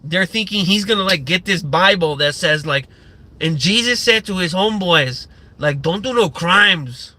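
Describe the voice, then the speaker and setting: A man ranting on his own livestream, sarcastic and heavy on swearing, who rambles with frequent fillers and false starts. His voice sits a little high for a man and has a very bright, sharp edge. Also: moderate pace. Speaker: livestream host. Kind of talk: profane livestream rant.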